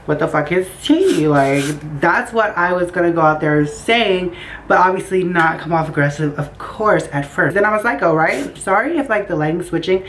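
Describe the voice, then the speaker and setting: A young woman with a lowish voice recounts a story to camera from her bedroom. She keeps it casual and animated, switching into voices when she quotes people. A faint hiss sits under the recording. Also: moderate pace, rough recording. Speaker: storytime vlogger. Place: bedroom by a window.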